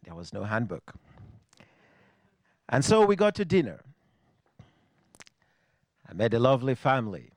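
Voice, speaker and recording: A man from Nigeria with a Nigerian accent, telling a personal story on stage to a live audience in a reflective, wry way with dramatic pauses. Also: mid-range voice, wildly swooping pitch, no room sound.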